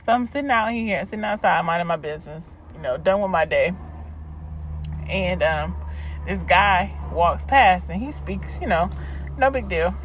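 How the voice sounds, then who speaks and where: A woman in her thirties, a podcast host, chatting through a casual voice diary, laughing and throwing in lively asides. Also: on the low side, moderate pace, slight background noise. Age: 30s.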